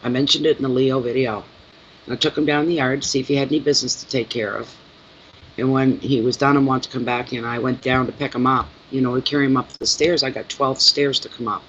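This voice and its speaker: A man's voice: mid-range voice, quick pace, slight background noise. Chatty middle-aged man, muffled home recording. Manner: chatty, animated storytelling. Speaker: tarot reader and channel host. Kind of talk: casual chat with viewers.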